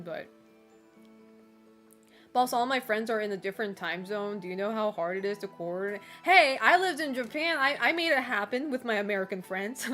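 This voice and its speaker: In a medium-pitched, fairly bright voice, a woman streamer chats casually with her live chat. She keeps it loose, scattering "like" and "you know" throughout, and laughs frequently between remarks.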